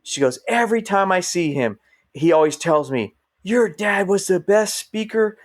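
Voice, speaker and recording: A man's voice: high voice, normal speed. A middle-aged man, a firefighter guest on a podcast, telling stories casually and acting out what people said. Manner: animated storyteller, acts out quoted voices. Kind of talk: casual storytelling.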